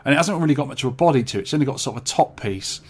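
Offhand English man, mid-pitched. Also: lively intonation, racing, breathy edge. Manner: rambling, dry, offhand, restarts often. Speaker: podcast co-host. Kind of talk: casual chat about arcade hardware.

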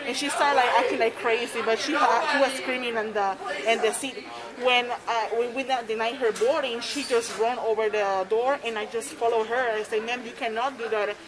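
Woman airline agent, high-ish voice, halting retelling, loud crowd behind. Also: steady tone, low-quality recording. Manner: hurried, halting, repeats herself. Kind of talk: giving an account to police. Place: airport gate area. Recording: loud crowd noise in terminal.

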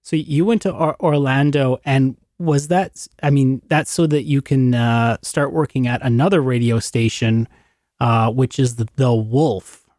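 A man's voice: medium pitch, fairly even intonation, measured pace, darkish tone, no room sound, clean studio sound. A man hosting a podcast, asking friendly, joking questions in a casual interview. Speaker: podcast host.

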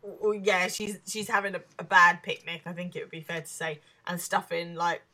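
A woman co-hosting a podcast in casual chat, recapping a TV episode, laughing often and pausing with hesitant ums. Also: lowish voice, fairly even intonation, sharp tone. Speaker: podcast co-host.

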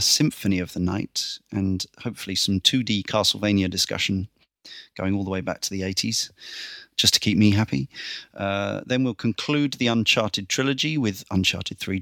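A man hosting a casual podcast, briskly reeling off a list with dry little asides. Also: on the low side, sharp tone, no echo. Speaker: podcast host.

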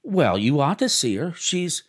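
A man's voice: a little high, big pitch swings, unhurried, pitched above the performer's own voice. A man voicing a wistful young society wife who talks in a breathless, effusive, theatrical way. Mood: chattering.

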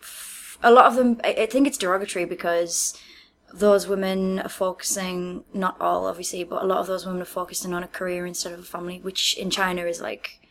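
A woman's voice: on the low side, little pitch movement, brisk, a little hiss or hum. A woman co-hosting a casual podcast chat, talking in a friendly, hedging way with many restarts. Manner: hedging, chatty, lots of "I think" and "I feel like". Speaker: podcast co-host. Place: living in China.

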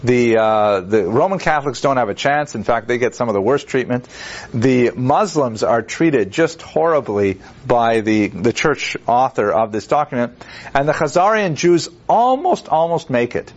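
A man lectures to a class in a loose, rambling way, full of fillers and restarts. He sits at an ordinary middle pitch and now and then acts out quoted figures with wry humor. The recording is dull and lo-fi, as if taped in a classroom. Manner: digressive, conversational, with many fillers and restarts. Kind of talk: university lecture.

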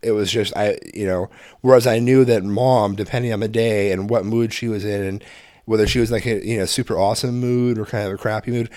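A man's voice: on the low side, fairly even intonation, fairly quick, a little mellow, dry recording, clean studio sound. Rambling man co-hosting a podcast. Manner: rambling, self-correcting, chuckling. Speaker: podcast co-host. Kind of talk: casual chat.

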